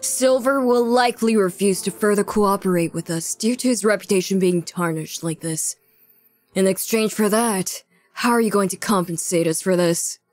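A woman doing a cold, measured young prince. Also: medium pitch, a little mellow, faint music behind, close to an everyday voice. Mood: cold calm. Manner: cool, measured and formal. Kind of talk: live manga reading with voices.

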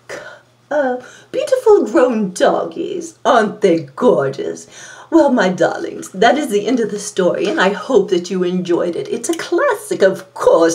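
A woman's voice: medium pitch, darkish tone. A woman playing a vain, glamorous villainess reading a storybook aloud in a campy, theatrical way. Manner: campy, self-admiring, theatrical. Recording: roomy, from a distance.

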